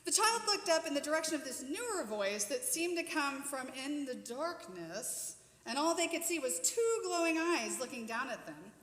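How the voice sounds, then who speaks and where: A woman narrates a children's story at a church service with a lively, expressive delivery. Her voice sits a bit high and moves a lot. The sound is roomy, with long reverb from the church hall. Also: normal speed. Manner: warm, expressive storytelling, inviting volunteers. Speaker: worship storyteller. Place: church sanctuary.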